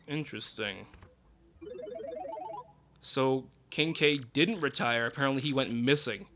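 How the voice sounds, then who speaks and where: A man casually commentating a game, thinking aloud. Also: on the high side. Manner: chatty, thinks aloud, animated. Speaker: let's play gamer.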